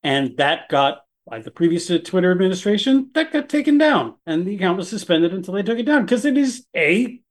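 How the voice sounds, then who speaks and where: A man co-hosting a political podcast, talking in a sarcastic, animated way with jokey asides. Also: sits high, brisk, hardly any pauses. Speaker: podcast co-host. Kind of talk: casual political podcast chat.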